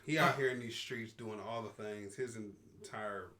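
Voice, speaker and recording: A man's voice: fairly low pitch, fairly even intonation, unhurried, noisy background. A man co-hosting a podcast, chatting in an easygoing, slangy way and laughing often. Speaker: podcast co-host. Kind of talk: casual chat.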